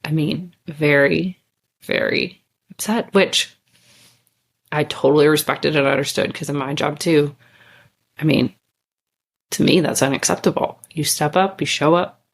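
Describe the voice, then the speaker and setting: A woman's voice: sits low, unhurried, gravelly, pauses often, breathy edge. A woman podcast host telling a story in a candid, chatty way, with casual swearing and bursts of speed.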